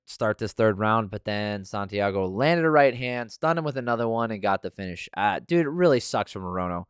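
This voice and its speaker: A man's voice: fairly low pitch, clear, resonant tone, dry recording, studio quality. A young man hosting an MMA podcast, casually breaking down fights and flaring into profane rants. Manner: profane, flares up into loud rants.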